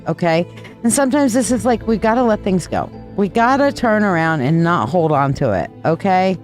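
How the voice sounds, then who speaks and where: A woman's voice: lowish voice, animated, moderate pace, darkish tone, faint music behind. A woman hosting a live tarot reading. She talks in a loose, rambling, affectionate way and calls her viewers sweetheart. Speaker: tarot reader and live stream host.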